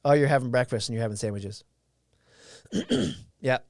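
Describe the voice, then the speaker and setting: A man's voice: mid-range voice, very animated, moderate pace, creaky, darkish tone, no echo, studio quality. A man hosting a casual livestream, telling a story in a loose, rambling way with lots of fillers and restarts. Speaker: live stream host.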